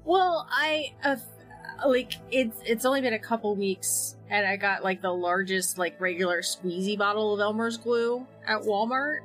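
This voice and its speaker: A woman's voice: medium pitch, moderate pace, fairly bright tone, soft background music, poor audio. Woman podcast co-host, playful, jokey banter. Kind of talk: casual chat.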